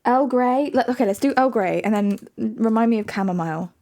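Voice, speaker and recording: A woman's voice: on the high side, a little fast, a little mellow. A young woman streaming live, chatting with her viewers in a giggly way and laughing often between sentences.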